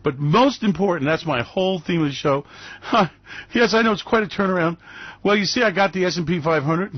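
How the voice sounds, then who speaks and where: A man's voice: high-pitched, lively intonation, brisk, dry recording, dull audio. A man hosting a finance radio show in a sarcastic, theatrical, mock-gushing way. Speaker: host.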